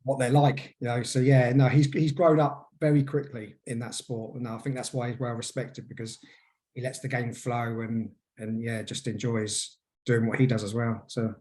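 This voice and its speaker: A man's voice: medium pitch, flat delivery, moderate pace, mellow. A man in his forties, a podcast guest telling stories in a hesitant way, full of ums and restarts. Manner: hesitant, filler-heavy storytelling. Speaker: guest, hypnotherapist. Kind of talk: casual podcast interview.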